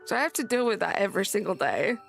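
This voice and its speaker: A woman's voice: medium pitch, very animated, quick pace, vocal fry. A young woman live streaming at home on a desk mic, chatting casually, reading chat aloud and joking back. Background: faint game music.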